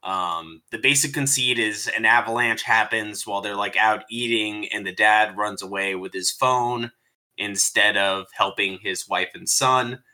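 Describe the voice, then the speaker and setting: A man chatting casually about a movie he disliked on his stream, animated and laughing, swearing freely. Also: lowish voice, measured pace. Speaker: streamer co-host. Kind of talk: casual movie review chat.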